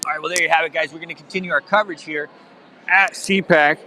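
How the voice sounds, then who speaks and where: Rambling livestream host, slightly high voice. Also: male voice, steady tone, fast talker, bright, forceful tone, slight background noise. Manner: rambling, many fillers and restarts. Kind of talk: live event stream commentary. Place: outdoors at a conference venue.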